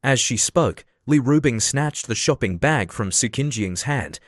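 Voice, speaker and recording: A man's voice: mid-range voice, expressive, measured pace, dry recording, clean studio sound. Man narrating a manga recap. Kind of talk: scripted narration.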